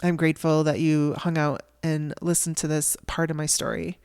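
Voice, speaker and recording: A woman's voice: low voice, level tone, normal speed, darkish tone, smooth. A woman hosting a podcast, telling a raw personal story in a candid, emotional way and swearing casually. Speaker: podcast host.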